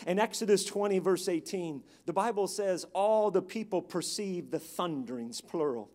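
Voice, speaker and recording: A man preaching a sermon, building his repeated phrases up to loud, emphatic peaks. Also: high-pitched, moderate pace, hardly any pauses.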